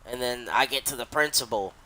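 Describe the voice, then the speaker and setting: Young guy just telling a story on stream, swears a lot, keeps restarting, average pitch. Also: a little fast, sharp tone. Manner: rambling and profane, with many restarts. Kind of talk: casual storytelling while gaming.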